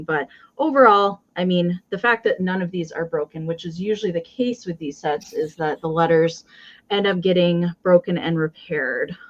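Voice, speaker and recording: A woman's voice: on the low side, lo-fi sound. A woman hosting a live online vintage sale, describing items and counting down bids in a chatty manner. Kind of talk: live auction selling.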